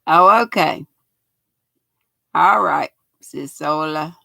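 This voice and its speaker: Raspy Southern grandmother chatting slowly. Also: deep voice, bright, forceful tone, no echo. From United States. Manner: chatty, folksy, reads viewer comments aloud. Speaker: knitting livestream host. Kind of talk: casual livestream chat. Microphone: built-in laptop mic.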